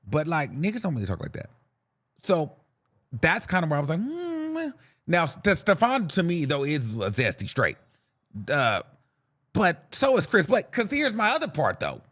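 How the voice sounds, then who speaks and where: A man's voice: fairly high pitch, normal speed. A young man hosting a podcast, giving sassy, campy celebrity gossip commentary to himself. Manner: animated, sassy, campy slang, talks to himself. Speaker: podcast host.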